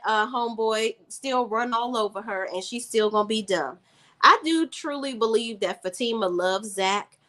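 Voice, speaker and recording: A woman's voice: a little high, a bit bright. Sassy chatty woman recapping TV. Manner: chatty, sassy, reads chat aloud. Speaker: TV recap host. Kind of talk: casual live-stream recap.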